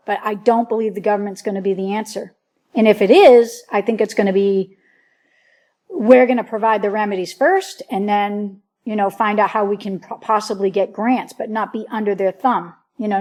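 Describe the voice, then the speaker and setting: A woman's voice: medium pitch, darkish tone. A woman telling her story as an interview guest in casual, earnest, rambling speech, often breaking into quoted dialogue. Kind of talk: casual spoken testimony.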